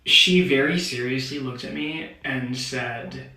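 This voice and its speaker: Give me a man telling a deadpan anecdote, bright tone. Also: medium pitch, takes it slowly, few pauses, roomy sound, low-quality recording. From India. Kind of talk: storytelling to camera.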